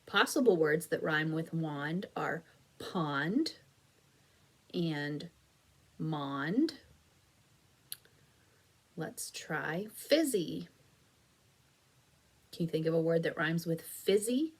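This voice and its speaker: In a deep, expressive voice, a woman speaks extremely slowly with frequent pauses, guiding young children through early reading. She's an elementary school teacher making a slow, clear phonics video, patient and encouraging as she sounds out and stretches each word.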